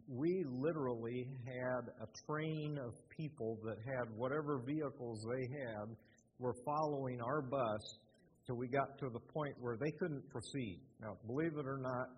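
An older man preaching in a church, halting with many fillers and restarts. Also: medium pitch, husky. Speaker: lay preacher. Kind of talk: sermon. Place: church sanctuary. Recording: muffled, with a long hall echo.

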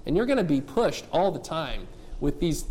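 A man's voice: on the high side, sing-song, moderate pace, darkish tone. A male pastor preaching a sermon, emphatic, firing rhetorical questions at the congregation and speaking to kids and adults directly.

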